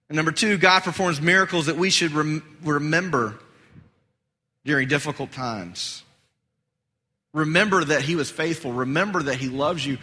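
A man preaching a sermon as pastor, animated and rising high and loud for emphasis. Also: husky. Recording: long hall reverb.

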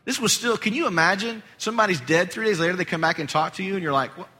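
A man preaching a sermon as pastor, animated and rising high and loud for emphasis. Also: quick pace, husky. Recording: long hall reverb.

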